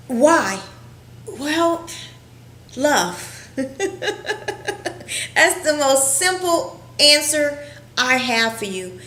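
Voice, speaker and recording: A woman counselor giving an earnest, reflective educational talk, pausing often with fillers. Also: medium pitch, fairly bright tone, a little hiss or hum. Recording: roomy echo.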